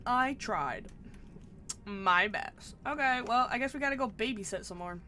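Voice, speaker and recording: A woman's voice: fairly high pitch, normal speed, music in the background. A woman streamer giving casual commentary while she plays, in a wry way that swears offhandedly and interrupts herself.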